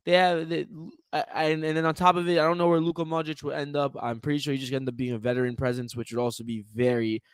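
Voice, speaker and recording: A young man with a high voice chats about sports in an animated, rambling way, tripping over his own sentences. He sounds dry and close to the mic. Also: quick pace, few pauses, clean tone, no room sound. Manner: animated, rambling, self-interrupting. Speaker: podcast co-host. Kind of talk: casual sports chat.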